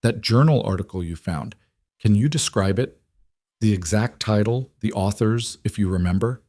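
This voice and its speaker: Narrator doing a stern doctor guy, authoritative, asking pointed questions, low voice. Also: moderate pace, a little mellow, dry recording, studio quality. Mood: probing. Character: stern older male doctor, shaken.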